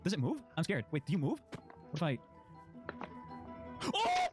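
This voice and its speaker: A man giving excitable gameplay commentary, exclaiming and laughing often. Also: high-pitched, a little slow. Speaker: gaming video creator. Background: background music.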